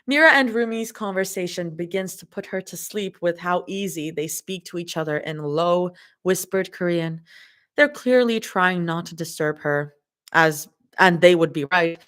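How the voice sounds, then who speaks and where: Woman live-reading fanfic, casual, swears n laughs between lines. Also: fairly low pitch. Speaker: fanfiction reader.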